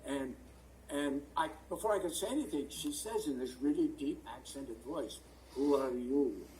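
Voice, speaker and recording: An older man, a stage and screen actor, is an interview guest over a video call, rambling through anecdotes and often reaching for words. He speaks at a normal speed in a high-ish, expressive voice with a darkish tone; he's far from the mic, and the poor audio carries a little hiss or hum.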